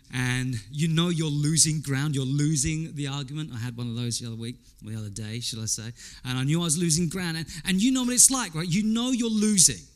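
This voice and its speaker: A man preaches a sermon conversationally in a fairly high, slightly bright voice. He poses rhetorical questions, repeats words as he goes, and quotes people in character.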